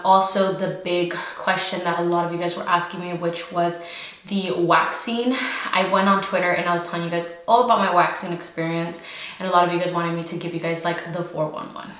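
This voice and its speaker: A woman's voice: fairly low pitch, fairly bright tone, echoey room, poor audio. A young woman from California, pregnant and out of breath, chatting casually to camera while eating noodles. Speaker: YouTube host. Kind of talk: casual mukbang chat.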